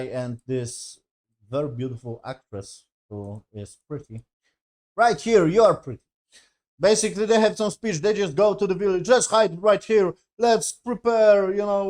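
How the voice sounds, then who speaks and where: A man with a slightly raised pitch reviews a TV episode in a loose, rambling rant. He swears constantly and sounds exasperated, piling on fillers between points. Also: darkish tone. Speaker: TV show reviewer.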